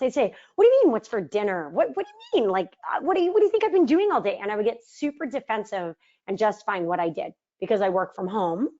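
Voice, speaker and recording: A woman's voice: lowish voice, muffled recording. A middle-aged woman leading a book study, talking casually, asking her audience rhetorical questions and acting out quoted arguments. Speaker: mindset trainer leading a book study course. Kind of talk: casual teaching talk.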